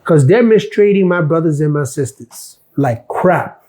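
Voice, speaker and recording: A man's voice: a little high, lively intonation, a little slow, darkish tone. A middle-aged man hosting a live stream, ranting bluntly and sarcastically about his workplace and swearing freely. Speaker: live stream host, former mail carrier.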